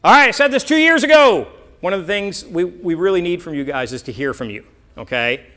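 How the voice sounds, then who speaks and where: A middle-aged man reports on mission work to a church class. His voice is bright and clear and sits a little high. He talks earnestly and rambles, with self-deprecating asides. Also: animated, a little fast.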